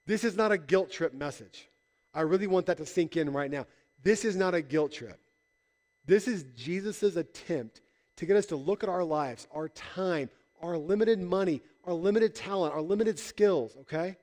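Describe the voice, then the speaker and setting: In a large church hall, a man preaches a casual sermon as pastor, conversational and joking, acting out voices in the stories he tells. His voice is high and a little mellow, at a normal speed.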